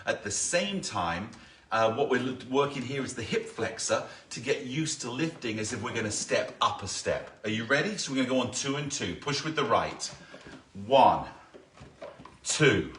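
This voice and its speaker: A man's voice: mid-range voice, expressive, normal speed, pushed and bright, distant mic, slight background noise. Man coaching a balance workout, echoey room. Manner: counts reps aloud and coaches step by step. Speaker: balance fitness instructor. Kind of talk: live-streamed workout instruction.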